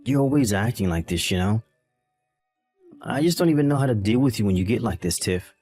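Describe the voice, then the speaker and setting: A man's voice: lowish voice, lively intonation, a little fast, dark tone, soft background music. A man voicing a callous young husband in a text-message drama, irritated and condescending. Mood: dismissive.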